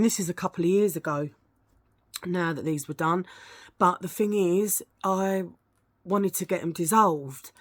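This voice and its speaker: Rambling, chatty middle-aged woman. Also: on the low side. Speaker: beauty vlogger. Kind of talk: casual product review chat.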